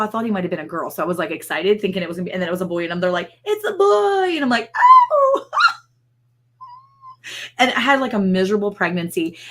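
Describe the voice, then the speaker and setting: A middle-aged woman hosting a casual livestream chat, gushing and telling stories in a chatty, animated way. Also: mid-range voice. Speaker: livestream host.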